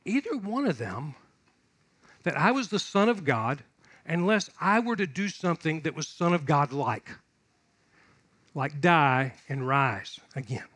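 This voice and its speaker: A man's voice: on the high side, sing-song, a little slow, pauses often, a bit bright, slightly rough. A male pastor preaching a sermon, moving from conversational storytelling to emphatic, repetitive exhortation.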